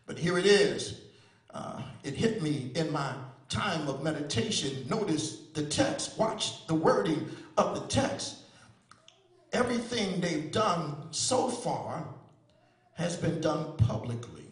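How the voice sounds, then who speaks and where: A male pastor preaching a sermon in a repetitive, singsong cadence, moving between loud calls and quiet teaching. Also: fairly high pitch, big pitch swings, slow pace, echoey room, recorded from a distance.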